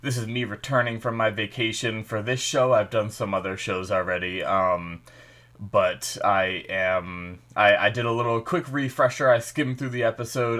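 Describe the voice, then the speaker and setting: A man's voice: fairly low pitch, fairly bright tone. A man hosting a casual reaction video, chatting and thinking aloud as he watches, his nose slightly stuffy.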